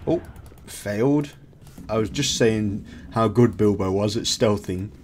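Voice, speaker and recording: A man's voice: on the low side, unhurried, a little mellow, slight background noise. A man hosting a game video, chatting through his playthrough and laughing at his own slips. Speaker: gaming video host.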